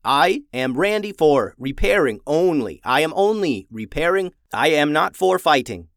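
A man voicing an old male farm repair robot that talks in halting, stuttering, simple phrases. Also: on the high side, very animated, a bit bright, no echo, studio quality, pitched above the performer's own voice, exaggerated voice.

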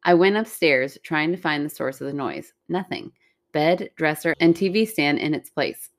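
A woman co-host reading stories aloud and chatting between them, with a slightly low voice that moves lively up and down. Her delivery is playful and a touch dramatic. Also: normal speed. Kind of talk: casual chat and story reading.

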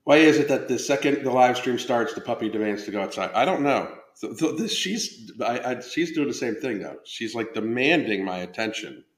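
A man's voice: medium pitch, expressive, moderate pace, hardly any pauses. Swearing male live-stream host, roomy sound. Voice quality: loose, profane, self-interrupting talk. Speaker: podcast host and fitness coach. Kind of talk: casual live-stream chat. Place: indoor room at home. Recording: roomy echo.

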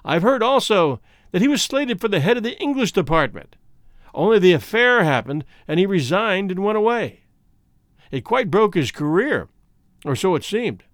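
A man reading a story aloud, voicing an abandoned husband who speaks in a calm, measured, dryly polite way. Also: high-pitched, no echo, studio quality, pitched above the performer's own voice. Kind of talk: audiobook reading.

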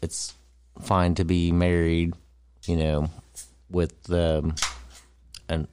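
A man telling a story in casual chat, halting with many ums and uhs. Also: sits low, completely flat delivery, a little mellow, smooth, no echo.

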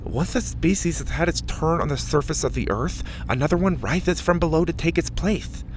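A man's voice: fairly high pitch, normal speed, noisy background, voice pushed up, lightly acted. A man voicing a cocky, eccentric rich boy genius who talks with a lisp, in a storybook reading. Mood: teasing.

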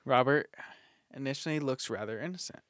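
A man's voice: medium pitch, normal speed, a bit bright. A man co-hosting a casual podcast, reading facts from his notes and laughing often with his friends. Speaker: podcast co-host.

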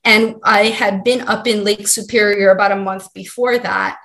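A woman from Hawaii speaks as a podcast guest, sharing a personal story. Her telling is earnest and heartfelt, with a voice of ordinary middle pitch. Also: steady tone, normal speed, a bit bright.

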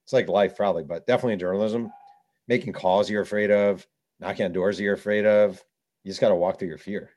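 A man, an author and journalist, telling lively anecdotes as a guest in a conversation. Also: lowish voice, fast talker. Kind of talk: conversational storytelling.

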